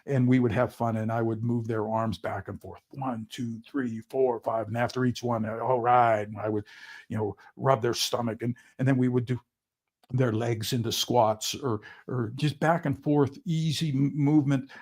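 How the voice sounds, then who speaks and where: A man speaking as a swim coach, presenting an online seminar with slides in a halting way, with frequent ums and restarts. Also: mid-range voice, fairly even intonation, darkish tone.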